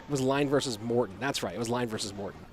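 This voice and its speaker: An American man casting an esports match alone, talking quietly and musing aloud as he reads chat. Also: medium pitch, fast, a little hiss or hum. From USA. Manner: quiet, subdued delivery to keep from waking a child; casual, musing, asks himself questions aloud. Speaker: esports caster. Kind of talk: solo esports commentary with chat reading.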